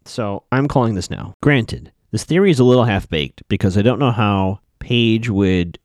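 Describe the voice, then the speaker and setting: A man's voice: lowish voice, expressive, moderate pace, a little mellow, no echo, studio quality. A man casually recapping a TV episode, chatting to viewers he calls folks.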